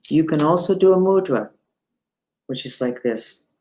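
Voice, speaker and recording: A woman who teaches mantras and meditation, giving an unhurried live-streamed lesson and talking straight to her viewers. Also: deep voice, lively intonation, a little mellow. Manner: unhurried, talks to viewers and reads the chat aloud.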